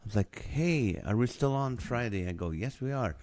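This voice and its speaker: A man's voice: mid-range voice, expressive, normal speed, darkish tone. A man hosting a live stream, reading viewer names and guesses aloud and laughing often.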